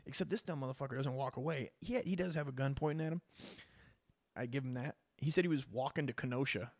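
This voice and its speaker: A man in a crude, rambling solo rant, dropping "dude" again and again as he goes. His voice sits at an ordinary middle pitch for a man. The recording is dry and close, with no room sound. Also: fast talker, darkish tone, dry recording. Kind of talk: rambling profane monologue.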